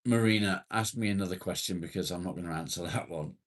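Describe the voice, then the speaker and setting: A man's voice: sits low, quick pace. A man from England hosting a casual livestream, reading and answering chat comments bluntly and swearing freely. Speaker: livestream host.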